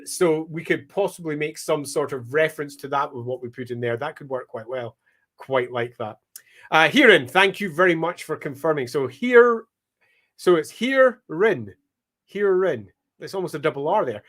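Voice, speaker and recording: A man's voice: sits high, fairly bright tone. A Scottish man hosting a casual livestream, thinking aloud with frequent ums and greeting viewers by name. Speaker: livestream host. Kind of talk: casual livestream chat while mapping.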